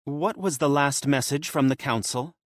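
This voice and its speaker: A man's voice: on the high side, moderate pace, dry recording, studio quality, voice pushed up, close to an everyday voice. A man reading an audiobook, voicing a bold, scheming female necromancer who talks in a curt, demanding way. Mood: commanding.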